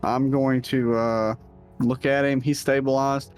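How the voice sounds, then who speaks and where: A man's voice: medium pitch, little pitch movement, measured pace, darkish tone, soft background music. A man playing a tabletop game, cracking jokes and swearing in frustration at his own mistakes. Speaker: player. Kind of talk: casual tabletop play.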